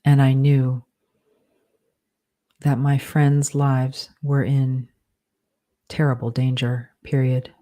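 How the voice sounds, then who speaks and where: A woman author dictating her novel aloud, slowly and deliberately, speaking punctuation marks and edit commands between phrases. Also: rumbling low, level tone, dark tone.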